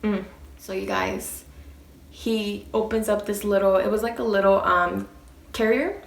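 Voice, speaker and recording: A young woman vlogger telling a casual storytime, animated and swearing freely as she acts out what people said. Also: medium pitch, a little slow, gravelly, echoey room.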